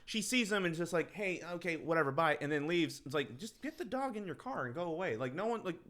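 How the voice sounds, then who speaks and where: A man co-hosting a podcast in casual chat, animated and quick to act out lines from a film. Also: high-pitched. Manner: animated, acts out movie lines with laughs. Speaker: podcast co-host.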